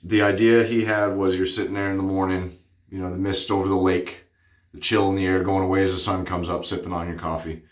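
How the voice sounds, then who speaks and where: A man's voice: sits low, level tone, brisk, echoey room. A man chatting casually through a shaving vlog, rambling with plenty of fillers and a little out of breath. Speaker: wet shaving vlogger.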